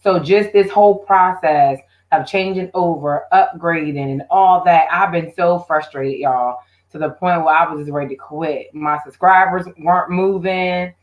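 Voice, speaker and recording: A woman's voice: fairly low pitch, moderate pace, highs cut off. A woman hosting her own live stream, chatting casually and directly with her viewers. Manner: chatty, talks straight to viewers.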